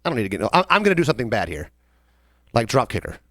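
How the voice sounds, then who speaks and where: A man's voice: medium pitch, racing, no echo. A young man with a Southern American accent, co-hosting a casual chat and telling a story from his bartending job, acting out the customers. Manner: animated, acts out customers in quoted voices. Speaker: podcast co-host, bartender.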